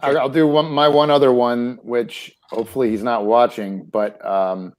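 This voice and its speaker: A father telling an anecdote in casual chat, careful and hesitant with many pauses. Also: mid-range voice, fairly even intonation, darkish tone. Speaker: parent.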